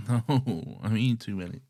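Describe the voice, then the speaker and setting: A man's voice: lowish voice, normal speed, mellow. A man co-hosting a casual film-review podcast, laid-back and dry, often laughing. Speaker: podcast co-host.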